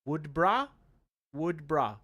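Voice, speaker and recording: Lively joking man reading chat. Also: a little high, extremely slow. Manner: joking, reads viewer comments aloud in silly voices. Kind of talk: casual livestream chat.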